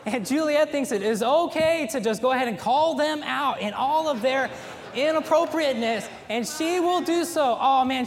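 A pastor with a strikingly high voice delivers a folksy sermon, animatedly leaning hard on key words as he tells stories. Long, echoing reverb rings through the church hall around him.

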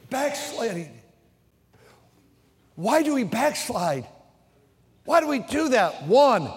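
An older man preaching a sermon, moving between quiet personal stories and loud, earnest calls to his congregation. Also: extremely high pitch, husky. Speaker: pastor. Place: church sanctuary. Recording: long reverb of a large church hall.

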